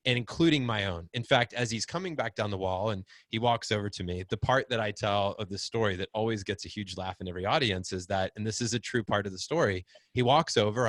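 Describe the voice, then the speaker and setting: A middle-aged man telling a story in casual conversation, acting out quotes with big swings in pitch. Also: no echo. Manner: animated, acts out quotes with big pitch jumps. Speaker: podcast guest, fatherhood group founder.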